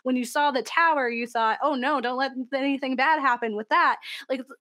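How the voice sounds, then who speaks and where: A young woman chatting casually on a podcast, animated, laughing often and filling her talk with likes and ums. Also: high-pitched, a little fast. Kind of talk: casual chat.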